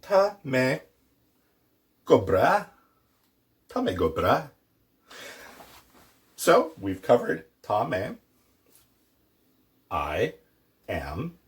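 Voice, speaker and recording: Slow, lively male language teacher. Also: medium pitch. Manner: playful, animated, with mock dialogues. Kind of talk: casual language lesson.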